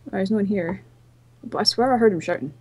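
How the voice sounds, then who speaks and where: Husky-voiced Scottish woman gaming. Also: medium pitch, fast talker, a little mellow. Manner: chatty, planning moves aloud. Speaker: co-host of a let's play. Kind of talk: casual gaming chat.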